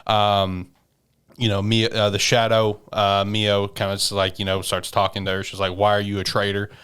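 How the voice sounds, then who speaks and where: A man hosts a podcast and talks through an anime episode in a loose, rambling way. His voice sits fairly low. He leans on fillers and the odd swear word as he tells the story. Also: level tone, normal speed, a bit bright, smooth. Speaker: podcast host. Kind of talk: casual recap of an anime episode.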